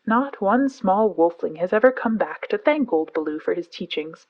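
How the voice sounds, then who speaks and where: A woman's voice: mid-range voice, lively intonation, normal speed, dry recording, dull audio. A woman voicing an earnest, fond old bear who lectures his pupil in a storybook reading. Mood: earnest lecturing.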